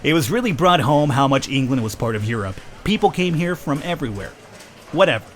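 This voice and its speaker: A man's voice: mid-range voice, animated, fairly quick, slight background noise. A man hosting a let's play, reading a story game aloud and breaking off for joking, self-mocking asides. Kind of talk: reading a visual novel aloud with jokey asides.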